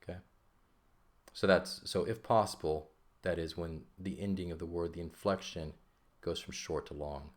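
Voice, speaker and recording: A man teaching from a textbook in a patient, step-by-step way, often pausing to check in with "okay?" and "right?". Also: low-pitched, fairly even intonation. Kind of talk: classroom explanation of a textbook.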